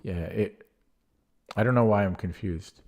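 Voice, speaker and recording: A man with a fairly low voice talks through his chess games in a loose, casual way, trailing off and restarting as he thinks aloud. His voice sounds a little worn, as if he is losing it. A faint hiss and the odd mouse click sit behind him. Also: a little slow, vocal fry, a little mellow. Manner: thinks aloud, hesitant with many fillers and restarts. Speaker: chess streamer. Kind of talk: casual game commentary.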